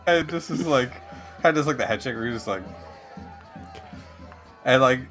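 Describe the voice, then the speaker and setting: A man's voice: medium pitch, moderate pace, a bit bright, soft background music, some chatter behind. A man playing a tabletop game, describing his character's reactions in a loose, filler-heavy way. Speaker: player.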